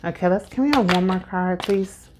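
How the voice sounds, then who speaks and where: A chatty woman in her thirties reads tarot cards at home in a casual vlog. Her voice sits a little low, and she talks in loose, filler-heavy, preachy runs. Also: normal speed, noisy background. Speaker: tarot reader.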